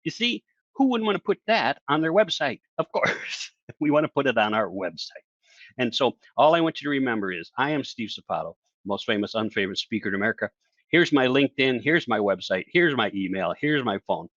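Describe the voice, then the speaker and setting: Animated man coaching presenters. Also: mid-range voice, a little fast, no echo, highs cut off. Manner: animated, acts out quoted voices, asks listeners questions. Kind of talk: energetic online presentation.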